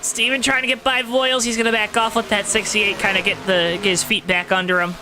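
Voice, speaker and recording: A man's voice: high-pitched, flat delivery, fairly quick, background noise. A man calling an online sim race play-by-play in a put-on announcer voice, talking straight to the folks watching. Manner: exaggerated announcer voice, talks straight to the audience. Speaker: race commentator. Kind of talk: play-by-play sim racing commentary.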